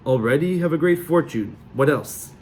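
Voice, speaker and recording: A man's voice: on the high side, expressive, moderate pace, a little mellow, a little hiss or hum, pitched above the performer's own voice, close to an everyday voice. A man doing a slurring drunk nobleman. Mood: blustering. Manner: slurred, blustering. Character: drunk red-mustached nobleman, boastful.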